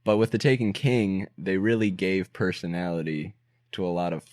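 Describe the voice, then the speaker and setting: A man's voice: low-pitched, fairly even intonation, moderate pace, a little mellow, dry recording, clean studio sound. A man co-hosting a casual gaming podcast, rambling, cursing freely and laughing at his own jokes. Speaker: podcast co-host.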